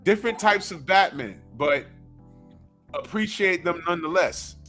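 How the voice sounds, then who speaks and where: A man hosting a casual film podcast, talking excitedly with slang. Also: high voice, normal speed, soft background music. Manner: excitable, lively slang-filled talk. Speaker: podcast host.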